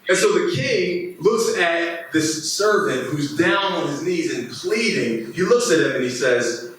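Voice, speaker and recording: A man's voice: on the high side, lively intonation, unhurried, fairly bright tone. A man preaching a sermon as a pastor, retelling scripture as a casual modern-day story. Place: church hall. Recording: very echoey room, distant mic, faint noise.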